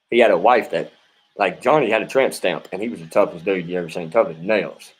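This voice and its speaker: A man's voice: low voice, quick pace, husky, rough recording. A man telling a personal story in a casual, rambling way, often adding "you know what I mean.".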